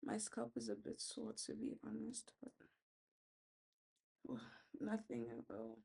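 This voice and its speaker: Gravelly, warm-voiced woman. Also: on the high side, very animated, measured pace. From South Africa. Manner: candid and opinionated, talks while braiding her hair. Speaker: vlogger. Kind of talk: casual opinion chat on a video call. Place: at home, with ducks nearby. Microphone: phone on a video call with noise cancelling.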